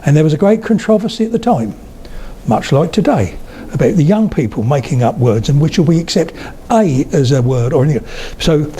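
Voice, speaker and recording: A man's voice: fairly high pitch, expressive, brisk, dark tone, slight background noise. An older man lecturing to a live audience, telling anecdotes in a chatty way and checking in with his listeners. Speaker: lecturer on spoken English. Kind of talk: public talk to an audience. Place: talk before a live audience of about eighty.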